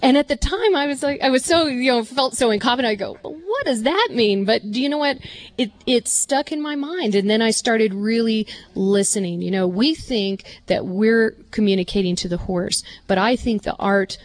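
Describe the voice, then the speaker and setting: A woman's voice: on the high side, normal speed, dry recording. A woman horse trainer, a guest on a live show, talking earnestly and telling stories about her teachers.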